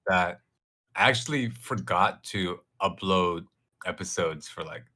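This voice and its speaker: A man's voice: low voice, a little slow, bright, forceful tone. A man co-hosting a podcast in casual chat, dry and laid-back. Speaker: podcast co-host.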